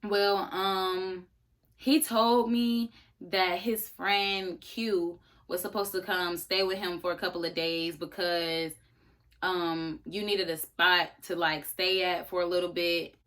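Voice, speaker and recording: A woman's voice: fairly low pitch, flat delivery, slow, a bit bright. A woman quoting a worried young woman who hesitantly pleads for the truth about her boyfriend. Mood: pleading.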